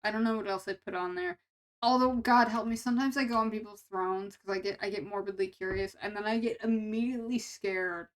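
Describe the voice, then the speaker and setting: A woman's voice: medium pitch, fairly even intonation, a little fast. A young woman streamer with a nasal voice, chatting casually and rambling with her viewers, full of restarts and giggles. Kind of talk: casual live-stream chat with chat.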